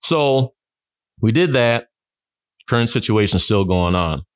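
A middle-aged man, a podcast guest, telling stories in a lively way, laughing often and acting out his friends' lines. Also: medium pitch, measured pace, no room sound, clean studio sound. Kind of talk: storytelling in a podcast interview.

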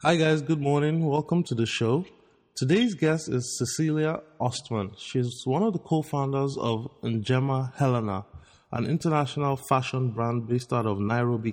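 A man's voice: mid-range voice, normal speed, a little mellow. A man with a sore throat hosting a podcast, talking in an upbeat, chatty way. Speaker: podcast host. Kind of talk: casual podcast talk.

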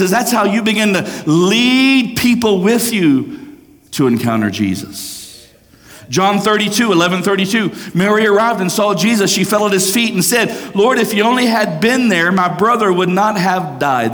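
A man preaching a sermon as pastor, swinging between raised, urgent passages and hushed, slow ones. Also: high-pitched. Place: church sanctuary. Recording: long hall reverb.

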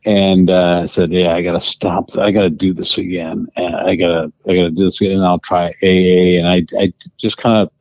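A man from Wisconsin answers interview questions in a lowish voice, hesitating often with "um" and "kinda." The sound is dry and dull, with lo-fi muffling. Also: flat delivery, fairly quick, hardly any pauses, darkish tone, dry recording. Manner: hesitant, many fillers, "kinda". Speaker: interview guest.

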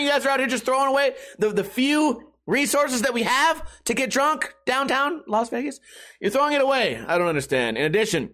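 A man's voice: high-pitched, fairly bright tone. A young man in a casual comedic rant, profane and sarcastic, rambling between jokes.

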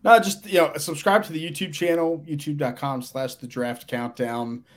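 A man co-hosting a sports podcast, talking quickly and eagerly in casual chat, often restarting his sentences. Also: fairly high pitch, fairly even intonation. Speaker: podcast co-host.

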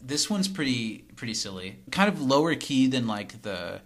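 A man's voice: medium pitch, big pitch swings, moderate pace. A man co-hosting a podcast, chatting casually about a TV episode in a teasing, analytical way. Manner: teasing, analytical, chuckles often. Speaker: podcast co-host. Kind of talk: casual chat recapping a TV episode.

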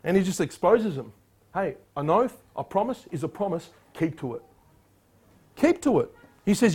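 High-voiced emphatic male preacher. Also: sing-song, normal speed, slightly rough. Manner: emphatic, rising sharply on exhortations; reads scripture in a louder, declamatory voice. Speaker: pastor. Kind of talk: sermon with scripture reading.

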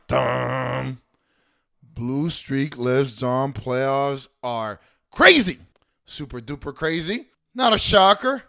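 A man hosting a fantasy football league recap, talking casually with sarcastic, profanity-heavy rants about the teams and players. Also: mid-range voice. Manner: animated, swears a lot, sarcastic rants. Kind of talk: casual profane sports commentary.

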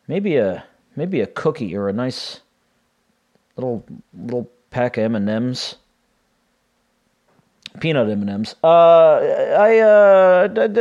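Raspy, rambling man in his forties. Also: a little high, darkish tone. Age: 40s. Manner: rambling, self-deprecating, lots of fillers and restarts. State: voice a little raspy and weak after laryngitis. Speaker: podcast host. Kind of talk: casual solo podcast chat. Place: home.

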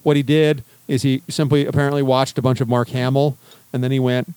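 A man's voice: medium pitch, little pitch movement, a little fast, a little mellow, smooth, no echo. Matter-of-fact male podcast co-host. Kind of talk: casual chat.

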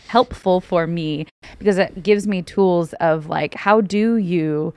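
A woman's voice: on the low side, slow, darkish tone, clear, resonant tone. A woman co-hosting a church podcast, talking in an earnest, chatty way with lots of fillers. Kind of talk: casual chat.

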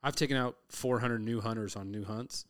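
A man's voice: mid-range voice, fairly quick. A middle-aged man from Southern California, a hunter, telling stories in casual conversation and acting out the quotes. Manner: lively storyteller who acts out quotes.

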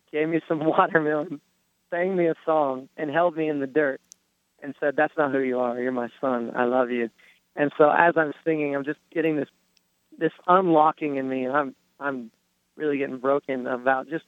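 A man sharing an earnest personal testimony on a faith podcast, telling his story with halting restarts. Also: medium pitch, no room sound. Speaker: guest. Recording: tinny phone-like line.

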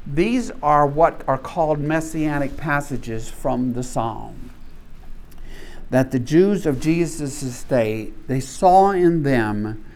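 A man's voice: on the high side, expressive, takes it slowly, darkish tone. A man teaching a Bible class, emphatic, often restarting and repeating his words.

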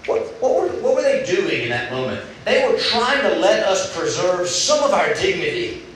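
A man's voice: high voice, very animated, normal speed, a bit bright. A young man preaching a sermon at a retreat, talking in a conversational way and acting out the voices he quotes. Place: large room at a retreat. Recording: echoey room with faint background noise.

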